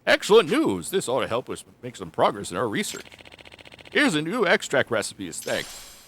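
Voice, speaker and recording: A man voicing an eccentric old male researcher from a game, pitching his voice up high and sounding eager and excitable. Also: normal speed, a little hiss or hum. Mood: excited.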